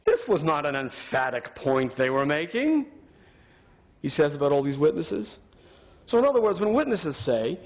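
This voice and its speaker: A man's voice: a little high, big pitch swings, moderate pace. A man giving an argumentative talk, sarcastic and emphatic as he builds his points. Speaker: speaker.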